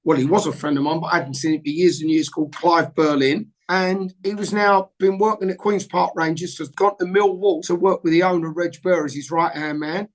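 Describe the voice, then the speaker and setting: A man's voice: on the high side, fairly quick, few pauses, low-quality recording. An older man, a football agent guest telling anecdotes in an interview and acting out both sides of old conversations. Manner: lively storyteller who acts out both sides of old phone calls.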